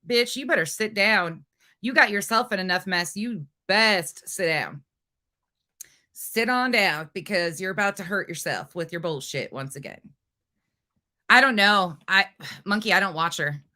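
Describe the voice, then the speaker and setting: Lady streamer going off, cussing and taunting, bright sharp voice. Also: on the low side. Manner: angry, profane, taunting. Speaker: livestream host. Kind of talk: heated livestream rant.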